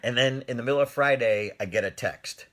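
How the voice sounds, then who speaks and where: A middle-aged man telling a personal story on a live stream in a casual, animated way, often laughing and answering viewers' comments. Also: medium pitch, brisk.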